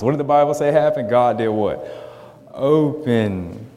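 A man's voice: medium pitch, a little slow, dark tone. A man preaching a sermon, conversational and joking with the congregation. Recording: echoey hall.

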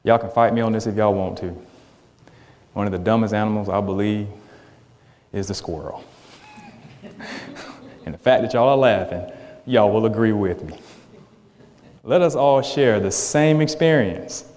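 Joking preacher in an echoey hall. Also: male voice, on the low side, moderate pace, pauses often, a little mellow. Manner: conversational, joking with the congregation. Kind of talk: sermon.

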